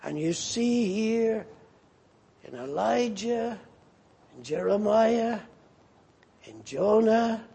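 A man's voice: high-pitched, animated, extremely slow, vocal fry, long pauses, warm tone, slightly rough. A man preaching a sermon and animatedly voicing the scripture figures as he retells the story.

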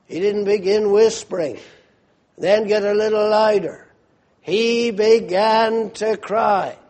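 A man preaching a sermon in a high voice at an unhurried pace. He tells the scene as a vivid story and invites his listeners to imagine it. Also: darkish tone.

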